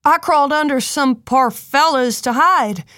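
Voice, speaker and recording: A scrappy young boy from a fishing crew, pitched well up and talking fast and cheekily, as a woman reading a storybook puts him on. He rattles on, chatty and eager, in a dry, close audiobook sound. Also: bright, forceful tone, no echo. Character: boy Tristo, scrappy young fisher lad. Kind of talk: audiobook character voice.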